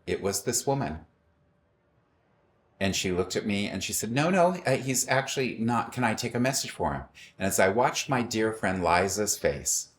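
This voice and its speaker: A middle-aged man telling a personal story in a wry, animated way, acting out the voices of the people in it. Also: sits low, slight background noise. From Los Angeles.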